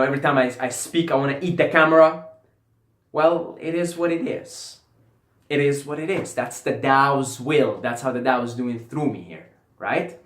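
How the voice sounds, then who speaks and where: A man's voice: a little high, fairly bright tone. A man giving a casual philosophical monologue to camera as a vlogger, rambling and repeating phrases for emphasis with casual swearing. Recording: roomy echo.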